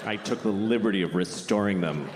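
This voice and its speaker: A man's voice: on the low side, fairly quick. A man performing a stand-up comedy set on stage, talking bluntly and profanely in a loose, conversational way with exaggerated rants. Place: theater stage before a laughing audience. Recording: reverberant live hall with crowd noise.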